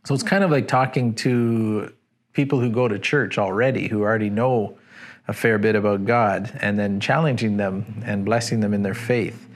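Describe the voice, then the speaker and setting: A man's voice: fairly low pitch, fairly even intonation, moderate pace. A man preaching a sermon in a conversational, storytelling way, often repeating words as he thinks.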